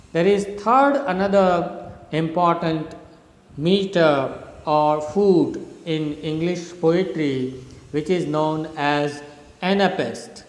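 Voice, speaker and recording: Long, echoing reverb fills the room as a middle-aged professor of English literature from India lectures very slowly and deliberately. For his students' benefit he repeats and spells out words, his pitch sitting a bit high for a man; it is a recorded lecture.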